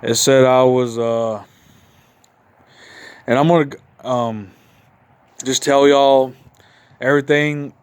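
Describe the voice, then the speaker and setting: A man's voice: medium pitch, fairly even intonation, takes it slowly, pauses often, smooth. A man from Mississippi with a Southern drawl talks to his viewers in a rambling, easygoing way, calling them y'all. He is a little tipsy after a couple of beers. He records on his phone outdoors at night in his country backyard. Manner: laid-back, rambling, addresses viewers as y'all. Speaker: vlogger. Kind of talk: casual outdoor chat to camera. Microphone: phone camera.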